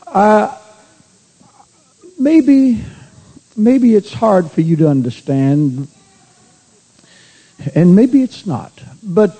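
Pastor guy preaching, folksy storyteller, high voice, really mellow dark tone. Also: animated, extremely slow, long pauses, slightly rough, poor audio. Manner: folksy storytelling preacher, rising to fervent exhortation. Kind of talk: sermon.

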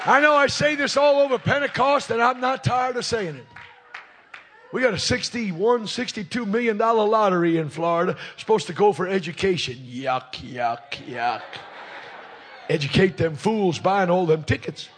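A male revival preacher shouting at a crusade meeting, with a very high, bright, forceful voice. He talks in punchy bursts and teases the congregation. A faint crowd and low noise sit underneath him. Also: normal speed. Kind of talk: fiery revival sermon.

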